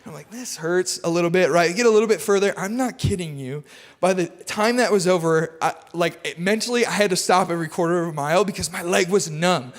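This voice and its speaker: A man's voice: sits high, fairly quick. A young man preaching a casual sermon full of personal stories and self-deprecating humor in a large church. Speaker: guest preacher. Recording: long hall reverb.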